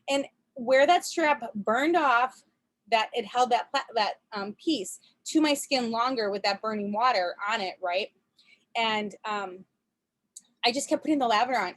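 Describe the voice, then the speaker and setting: A woman chatting casually on a video call from a camper, telling a story with frequent laughs, fillers and restarts. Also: fairly high pitch. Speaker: presenter.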